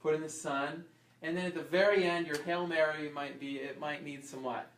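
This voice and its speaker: Man with a higher voice, chiropractor running a class, quizzes the room, roomy echo, off-mic. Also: normal speed. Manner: lively, asks the audience questions and acts out little scenes. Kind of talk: informal health class talk. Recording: echoey room, voice from far off.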